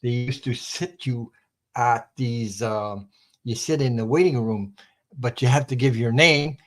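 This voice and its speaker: A man's voice: medium pitch, a little slow, low-quality recording. An older man from French Canada, a guest who rambles through funny anecdotes and laughs at his own stories. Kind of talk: casual storytelling chat.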